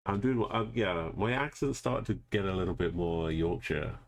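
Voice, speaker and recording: A man's voice: low-pitched, lively intonation, moderate pace. A man streaming a geography game, thinking aloud casually and greeting viewers in chat. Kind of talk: casual live gameplay commentary.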